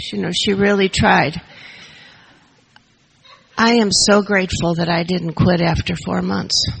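A woman's voice: fairly low pitch, creaky, poor audio. An older woman sharing her story at a recovery meeting, emotional and a little nervous, speaking into a shared mic. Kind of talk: personal testimony to a group. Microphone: shared handheld mic.

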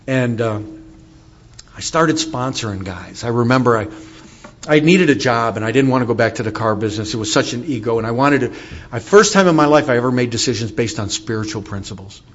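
A man's voice: medium pitch, lo-fi sound. A middle-aged man telling his recovery story to an audience, candid and wry as he speaks.

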